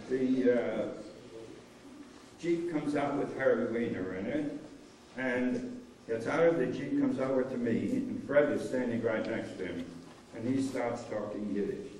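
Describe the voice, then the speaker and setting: An elderly cantor, unhurried as he tells a story and acts out each exchange. His voice carries from well back in a very echoey synagogue hall, with a faint hum of noise underneath. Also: medium pitch, far from the mic. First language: Polish. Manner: animated storyteller acting out dialogue. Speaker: cantor giving a memorial talk. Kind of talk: storytelling talk.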